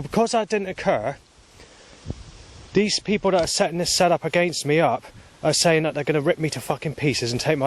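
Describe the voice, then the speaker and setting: A man rambles into a handheld phone while walking outside, his voice sitting a little high. He swears heavily and now and then bursts into angry shouting. Faint traffic hums in the background. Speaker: vlogger. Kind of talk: rambling walking vlog monologue. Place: outdoors, walking along paths. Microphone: handheld phone camera.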